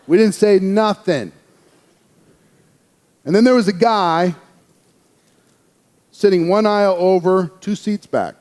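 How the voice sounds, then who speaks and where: A man telling a personal story in a lively speaking style, acting out the voices of the people in it. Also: high voice, unhurried, long pauses, in a large hall. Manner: animated, acts out quoted voices. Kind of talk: storytelling speech.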